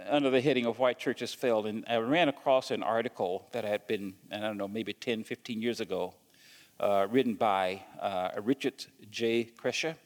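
Halting preacher in a reverberant hall. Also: male voice, on the low side, steady tone. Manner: halting, repeats words, asks the congregation questions. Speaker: pastor. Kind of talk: sermon.

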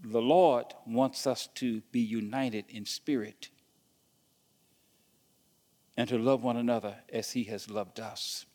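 A man's voice: mid-range voice, steady tone, slow, long pauses, a little mellow, big-room sound. A man preaching a sermon as pastor, stumbling and repeating words as he goes and asking the congregation questions.

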